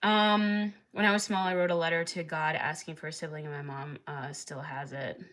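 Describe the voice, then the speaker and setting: A young woman talks casually on a livestream, filling her sentences with ums and likes and laughing easily. Her voice sits a little low. It has a bright, forceful edge. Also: level tone, normal speed. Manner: chatty, laughing often, many fillers. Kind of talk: casual live-stream chat.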